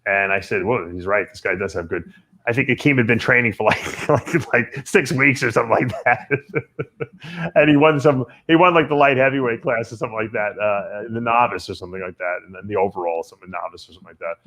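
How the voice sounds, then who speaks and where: A man hosting a casual talk radio show, telling rambling stories in an animated way. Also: mid-range voice, fairly quick. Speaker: podcast host.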